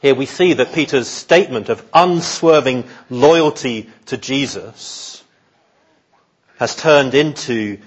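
A man preaching an expository sermon in an earnest, measured way, often repeating words as he thinks. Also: medium pitch, slightly rough, muffled recording.

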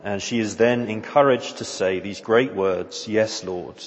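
A man's voice: on the low side, a little slow. Man pastor, earnest sermon, long hall echo, dull lo-fi recording. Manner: earnest, emphatic repetition and frequent restarts.

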